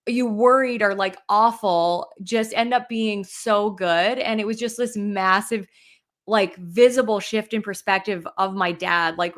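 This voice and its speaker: A woman's voice: medium pitch, fairly bright tone. A young adult woman co-hosting a podcast, telling a personal story in casual chat with many "like" fillers and open emotion. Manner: emotional, heavy use of "like" fillers. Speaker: podcast co-host.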